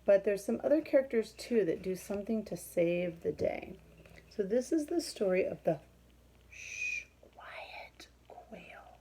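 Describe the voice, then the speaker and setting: A woman reading a picture book aloud to children, explaining pictures and asking questions, with a husky voice. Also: medium pitch, animated, normal speed, warm tone, a little hiss or hum, poor audio.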